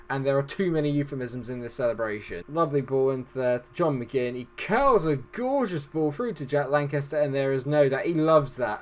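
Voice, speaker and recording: Excitable man commentating a game. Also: mid-range voice. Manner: excitable, joking, self-deprecating. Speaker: gaming YouTuber. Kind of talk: football management game commentary. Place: at home desk.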